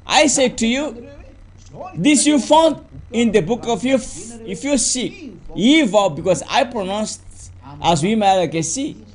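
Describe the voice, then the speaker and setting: A man preaches a teaching sermon, his high voice moving slowly and haltingly. He fills gaps with "uh" and repeats key words over and over for emphasis. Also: expressive.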